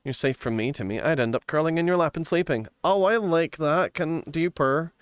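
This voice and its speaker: A man's voice: a little high, lively intonation, brisk, clean tone, no room sound. A man streaming live, chatting casually and playfully, giggling often and reading viewer comments aloud.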